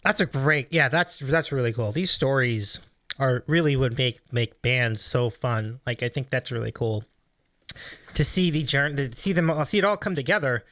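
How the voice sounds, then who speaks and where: A man's voice: medium pitch, normal speed, dry recording, studio quality. A man hosting a casual interview, effusive and full of praise. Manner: animated, effusive, says "like" and "really cool" often. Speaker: podcast host.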